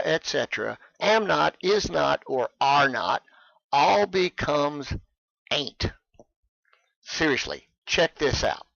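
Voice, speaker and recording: A man teaching English in a scripted lesson, speaking clearly and with emphasis for learners. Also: on the high side, fairly bright tone, no echo, highs cut off.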